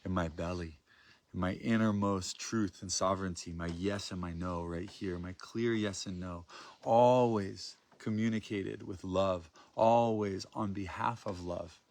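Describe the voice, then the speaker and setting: A man with a slightly low, gravelly voice leads a guided prayer and vocal practice. He speaks in a soft, loving, grounded tone. He draws out his phrases as he invites listeners in. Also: steady tone, measured pace. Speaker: spiritual workshop facilitator.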